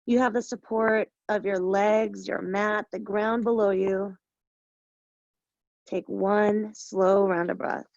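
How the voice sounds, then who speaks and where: A woman leading a yoga class, giving firm, steady cues with bits of encouragement. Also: mid-range voice, slow pace, creaky, no echo, muffled recording. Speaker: yoga instructor. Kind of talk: live class instruction.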